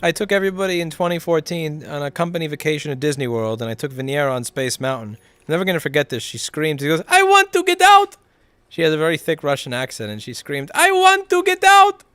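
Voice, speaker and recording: A man's voice: fairly high pitch, fast, hardly any pauses, clear, resonant tone, no room sound. A man casually commenting live on his video game, swearing often, ranting in frustration and answering his chat. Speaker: livestreamer playing a video game. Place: at a computer while streaming.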